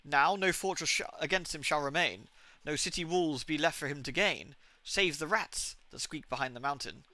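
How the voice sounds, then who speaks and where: A man's voice: on the high side, moderate pace, sharp tone, no room sound. A man voicing a haughty female guinea pig ruler in a game, reading her lines in a grand, formal way. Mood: grandiose.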